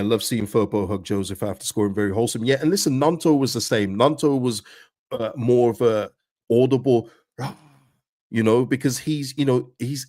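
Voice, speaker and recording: A middle-aged man hosting a casual livestream, chatting to viewers in a lively way and often calling them "people". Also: mid-range voice, no room sound, clean studio sound. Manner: chatty, animated, repeats words and addresses viewers as "people". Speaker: host of a fan livestream reading chat.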